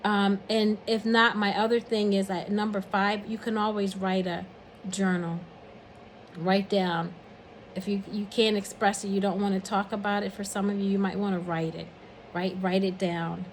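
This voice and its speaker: Older woman, mid pitch, earnest encouraging talk that counts off numbered points, faint hiss behind. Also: little pitch movement, normal speed, low-quality recording. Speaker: speaker giving a message of encouragement. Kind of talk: heartfelt spoken message.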